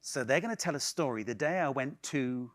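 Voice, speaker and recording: A medium-pitched, fairly bright English voice leads a lively improv session in a conference hall, expressive and fairly quick. The man teases volunteers and banters with them playfully as the live audience watches.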